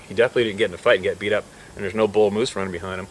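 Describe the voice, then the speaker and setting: A man working as a hunting guide, telling a wild story in a casual, animated way and swearing freely. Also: fairly low pitch, racing, hardly any pauses, slight background noise.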